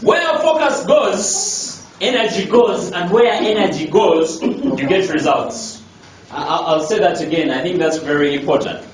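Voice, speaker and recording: Male life coach addressing trainees; emphatic, rhetorical, repetitive; somewhat high voice, recorded from a distance in a faintly noisy, echoey room. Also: animated, unhurried, crowd noise. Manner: emphatic, repeats key lines, rhetorical questions. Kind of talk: motivational talk to a group.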